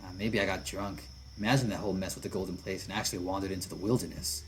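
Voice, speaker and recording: A man with a fairly low voice reads a visual novel aloud as its narrator. He keeps up casual asides and small chuckles between passages, with faint background noise under the recording. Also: steady tone, fast talker, low-quality recording. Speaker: visual novel let's player.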